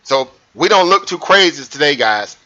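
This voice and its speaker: A man hosting a live trading stream, talking viewers through a price chart in an animated way, repeating points and asking rhetorical questions. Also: on the high side, normal speed. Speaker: trading livestream host. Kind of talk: live market commentary over a chart. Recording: muffled lo-fi stream audio.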